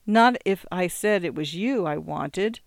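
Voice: medium pitch, animated, unhurried, gravelly, dry recording, clean studio sound. A narrator voicing a nervous young farm woman who pleads and rambles, in an audiobook reading. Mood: anxious. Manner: earnest, anxious, rambling.

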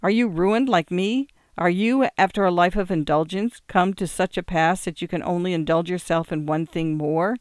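A man's voice: high-pitched, moderate pace, hardly any pauses, clean tone, no echo, studio quality, close to an everyday voice. A man voicing a bitter, despairing young man in an audiobook reading, with an intense, rising theatrical delivery. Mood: brooding.

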